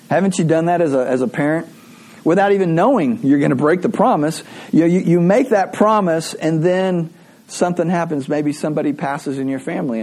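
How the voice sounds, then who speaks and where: A man's voice: a little high, darkish tone. A middle-aged man preaching a sermon as pastor, in a conversational, storytelling way.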